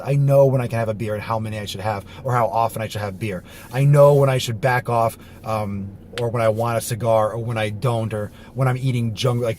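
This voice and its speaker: A man talking to camera while driving, blunt and profane, and animated as he explains his ideas. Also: mid-range voice. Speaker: fitness vlogger. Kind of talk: casual monologue while driving. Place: inside a car. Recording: faint car noise behind.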